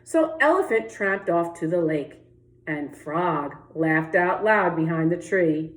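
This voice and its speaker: A woman's voice: on the low side, animated, slow. A woman teacher reading a children's picture book aloud, giving each animal its own voice and inviting the kids to sing along. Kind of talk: children's read-aloud with sung refrain. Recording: echoey room.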